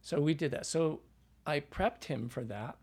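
Mellow, husky-voiced man telling stories. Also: on the high side, unhurried. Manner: rambling storyteller with many fillers and restarts. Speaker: dialect coach. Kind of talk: interview anecdote.

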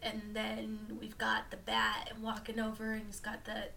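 A woman's voice: on the high side, completely flat delivery, measured pace, vocal fry, sharp tone, recorded from a distance, slight background noise. A woman co-hosting a podcast, steadily recapping a film in casual chat, with frequent murmured agreement. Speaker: podcast co-host.

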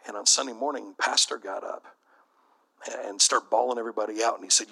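A man's voice: lowish voice, a little fast, vocal fry, bright, forceful tone, low-quality recording. A middle-aged man, a bishop, preaching to church leaders in a conversational, storytelling way.

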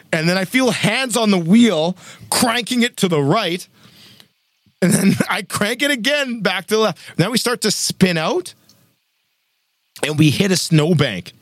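A young man telling a story in casual chat, animated and acting out quotes, with frequent laughs. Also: sits high, no room sound, clean studio sound. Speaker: podcast co-host telling a story.

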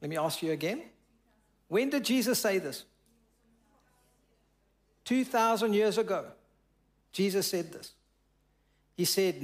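High-voiced pastor preaching slowly. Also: male voice, expressive. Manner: preaching with slow drawn-out emphasis and asking the congregation questions; reads scripture aloud and explains it. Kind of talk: sermon. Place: church.

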